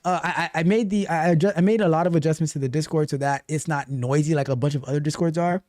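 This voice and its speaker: A man hosting a casual tech livestream, reading chat aloud and talking in an animated way, often repeating himself. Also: fairly high pitch, fast talker, dry recording. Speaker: livestream host and tech coach.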